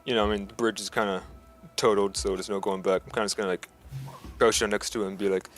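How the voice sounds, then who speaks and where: A man's voice: lowish voice, flat delivery, soft background music. A man playing a tabletop game, joking and swearing in casual table chat. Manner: joking, profane, drawn-out. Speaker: player.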